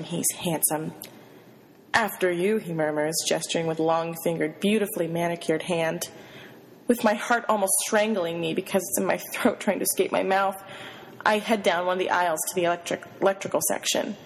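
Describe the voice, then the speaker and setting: A woman reading a novel aloud in the first person, giving the inner monologue an expressive, flustered delivery. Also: on the low side, long reverb tail, slight background noise, low-quality recording. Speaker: reader.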